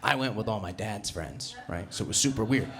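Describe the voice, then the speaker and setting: A young man from New Jersey with a Jersey accent, doing a brash, self-mocking stand-up set and punching out loud acted-out quotes. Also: lowish voice, expressive, a little fast. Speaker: stand-up comedian. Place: comedy club stage. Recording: live room with audible crowd noise. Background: audience laughter.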